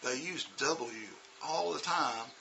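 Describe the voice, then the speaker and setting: A man's voice: mid-range voice, slow pace, creaky, bright, forceful tone, a little hiss or hum. A man, an English teacher, telling a casual, rambling story full of "you know" and "uh". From United States.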